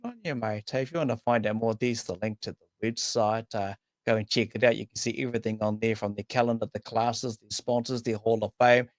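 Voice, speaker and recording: Upbeat New host, dry sound. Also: male voice, lowish voice, fairly even intonation, brisk, hardly any pauses, dry recording. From New Zealand. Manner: upbeat, jokey, rattles off viewer names. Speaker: podcast host. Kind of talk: casual chat with live viewer shout-outs.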